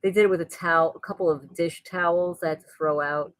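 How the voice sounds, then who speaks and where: Talking fast in a lowish voice with fairly even intonation, this channel host delivers a blunt, angry, rambling monologue straight to her viewers. Her voice has lost its sweetness and turned rougher, and the low-quality recording has no room sound.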